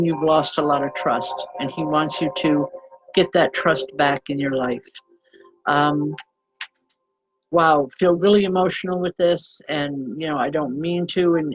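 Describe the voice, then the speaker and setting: A woman working as a spiritual medium, giving live readings and passing on messages in an earnest, gentle, halting way. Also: deep voice, low-quality recording. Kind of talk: live online psychic readings.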